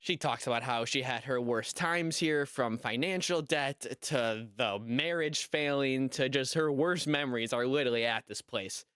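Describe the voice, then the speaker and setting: A man's voice: mid-range voice, moderate pace, few pauses, a bit bright, clear, resonant tone, dry recording, studio quality. A young man giving casual reaction commentary, incredulous and rambling, full of "like" and repeated questions. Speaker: commentary YouTuber.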